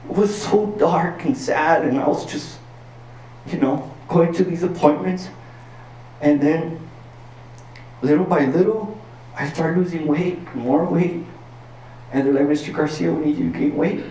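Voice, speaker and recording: Earnest stand-up comedian, roomy and distant. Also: male voice, a little high, measured pace, pauses often, mellow, slight background noise. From El Paso, Texas. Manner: earnest confessional storytelling with filler words. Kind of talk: stand-up storytelling.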